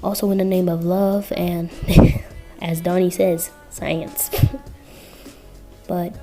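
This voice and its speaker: A woman voicing April, a bold and affectionate young witch woman, speaking softly with giggles, over mellow background music. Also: lowish voice, little pitch movement, slow pace. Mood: tender.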